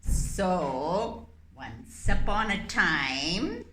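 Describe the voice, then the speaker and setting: A woman speaks slowly and gently, explaining a paper puppet craft to children in a lively, sing-song voice. Her tone is high and bright, and she is recorded in an echoey room with a faint hum behind her. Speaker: puppet maker and storyteller for children.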